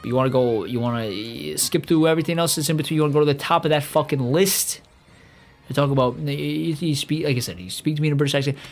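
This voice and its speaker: A man's voice: a little high, fast. A young man hosting a podcast, ranting in a rambling, profane way with lots of stammering restarts. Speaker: podcast host. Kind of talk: casual rant.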